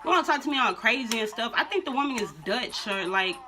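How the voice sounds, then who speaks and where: A young adult woman vlogger telling a storytime in blunt, slangy, animated casual talk. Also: on the high side, fast. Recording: music playing under the voice. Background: music.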